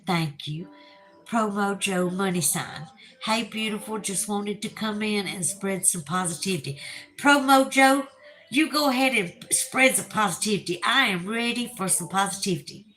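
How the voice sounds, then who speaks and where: A woman's voice: mid-range voice, moderate pace, fairly bright tone, low-quality recording. A woman with a Southern US accent hosting a casual livestream, reading viewer comments aloud in a chatty way and laughing often. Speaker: livestream host.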